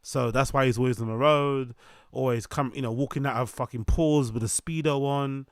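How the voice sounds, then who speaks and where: A man delivers an opinionated commentary rant. He stacks points into quick lists at a mid-range pitch. The sound is close and dry, with no room echo. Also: steady tone, clean tone. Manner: opinionated, rapid listing, sarcastic. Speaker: commentary channel host. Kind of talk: ranting commentary on a podcast clip.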